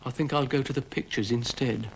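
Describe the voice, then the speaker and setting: A man's voice: medium pitch, steady tone, brisk, background noise, natural voice. A British man voicing a vain, fussy, sarcastic male dog in a pompous, exasperated manner.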